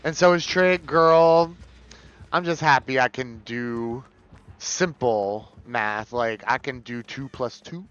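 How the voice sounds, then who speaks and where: A man streaming live, chatting casually and campily with his viewers while he plays, his pitch jumping up for excited bursts. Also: slow pace, smooth. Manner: chatty and campy, reading chat aloud, swinging pitch. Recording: dull lo-fi stream audio.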